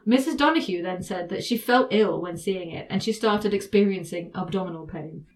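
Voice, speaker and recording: A woman's voice: medium pitch, normal speed. A woman hosting a podcast, chatting casually and laughing often as she explains legal cases. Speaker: podcast host.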